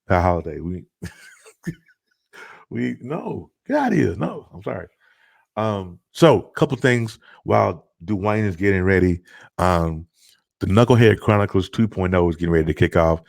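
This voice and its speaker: A man's voice: low-pitched, unhurried, vocal fry, a little mellow, no echo, studio quality. A middle-aged man hosting a live stream from home, talking loosely with lots of fillers and restarts. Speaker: host of a live stream show. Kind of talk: casual live-stream chat. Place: at home, child heard nearby.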